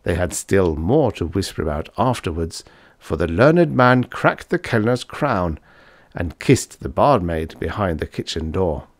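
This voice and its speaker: Male storyteller, lower voice, animated reads, dry booth sound. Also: unhurried, no room sound. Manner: expressive storytelling. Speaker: audiobook narrator. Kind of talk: scripted narration.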